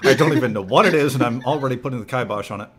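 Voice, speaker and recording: A man hosting a casual group podcast, joking and reading news out loud. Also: mid-range voice, very fast, crowd noise. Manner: animated, joking, reads news aloud. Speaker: podcast host.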